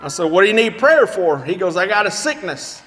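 A man preaching a sermon as an animated storyteller who acts out the dialogue. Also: sits high, fairly quick. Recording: long reverb of a hall.

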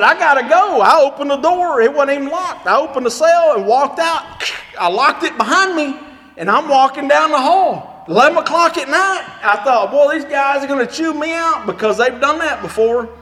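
A man preaching a sermon as an animated storyteller who acts out the dialogue. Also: very high voice. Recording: long reverb of a hall.

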